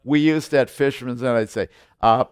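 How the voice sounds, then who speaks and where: A man's voice: mid-range voice, fairly quick, smooth. Intense, emphatic male preacher. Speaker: pastor. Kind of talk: sermon.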